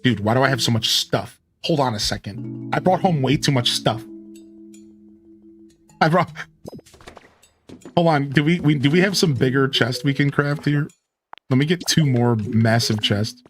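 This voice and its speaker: A man's voice: mid-range voice, measured pace, pauses often, fairly bright tone, soft background music. A man streaming a video game and chatting casually with his viewers. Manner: chatty, talks to chat, "dude" and "like". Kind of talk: casual let's-play commentary.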